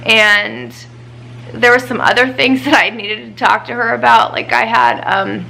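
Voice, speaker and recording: Upset after a week of crying, a woman vlogger vents casually about a doctor's appointment. Her gravelly, fairly high voice is pushed and bright, with lively intonation at a measured pace. The low-quality recording carries slight background noise.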